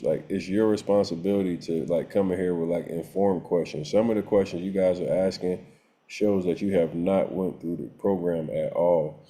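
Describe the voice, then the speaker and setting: Blunt, profane man with a mellow voice. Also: sits low. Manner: blunt, profane, exasperated, laughs often. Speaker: real estate coach. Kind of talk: unscripted rant to course students.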